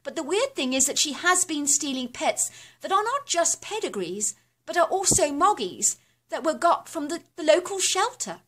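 Woman doing a high-voiced young girl. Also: very animated, moderate pace, fairly bright tone. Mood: earnest. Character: young girl, worried neighbour.

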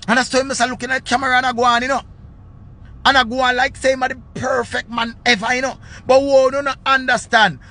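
A Jamaican man giving loud, excitable commentary on his channel, often repeating his phrases. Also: extremely high pitch, fast talker. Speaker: vlogger. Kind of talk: casual commentary.

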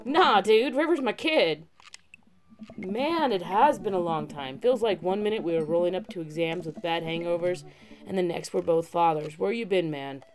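A woman's voice: lowish voice, normal speed, music in the background, natural voice. A woman voicing a laid-back male surfer-dude bro, a young father, with a drawling, slangy way of talking in a game let's play. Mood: easygoing.

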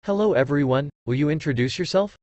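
Proud young ninja read by a man, lively pitch, dry close sound, storybook reading. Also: quick pace, no room sound, natural voice. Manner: proud, insistent. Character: proud boy ninja hero.

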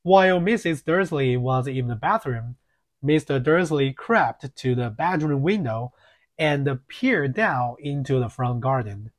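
Slow, measured male audiobook reader. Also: medium pitch, lively intonation. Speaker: audiobook narrator. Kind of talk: audiobook reading.

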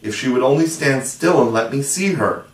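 A man's voice: on the low side, expressive, moderate pace, distant mic, close to an everyday voice. A man voicing an eager, admiring young girl with a lifted, breathless tone. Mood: pleading. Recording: roomy echo, voice set back from the mic.

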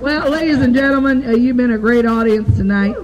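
Heard on an old tape with faint hiss and the highs cut off, a female stand-up tells crude, folksy jokes in a drawl to a live club audience. She leans heavily on "you know," speaking a little fast at a fairly high pitch.

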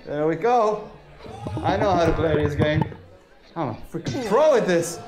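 A man's voice: a little high, animated, moderate pace. A man commentating his VR gameplay in a rowdy, playful way, hamming up drunk bravado and taunting the game's characters. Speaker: VR gameplay YouTuber. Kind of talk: playful let's-play commentary. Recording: roomy sound with loud game music.

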